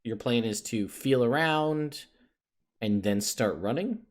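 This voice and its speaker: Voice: mid-range voice, lively intonation, slow. Easygoing game master full of ums. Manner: loose, with many fillers and restarts. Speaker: dungeon master. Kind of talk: narrating a tabletop game.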